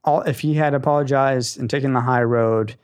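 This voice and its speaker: A young man co-hosting a casual podcast, talking in an animated, rambling way with a lot of enthusiasm. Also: medium pitch, brisk, clean tone, dry recording. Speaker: podcast co-host.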